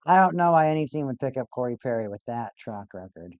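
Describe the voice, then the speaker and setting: A streamer casually commenting on a live hockey game for a watch party, getting excitable over goals and repeating stats aloud. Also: medium pitch, quick pace, no echo, highs cut off. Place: home streaming setup.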